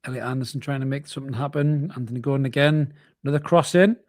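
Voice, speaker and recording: A man's voice: medium pitch, a little mellow, no echo, clean studio sound. A man, co-hosting a casual football watchalong and bantering bluntly. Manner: banter-laden, joking, quick to laugh; blunt, emphatic opinions. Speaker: podcast co-host.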